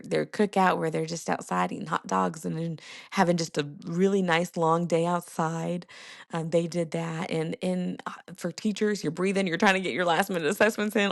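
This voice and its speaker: A woman's voice: lowish voice, gravelly, no echo, clean studio sound. A young adult woman hosting a podcast, telling stories in a chatty, casual way with lots of fillers. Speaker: podcast host. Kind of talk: casual chat.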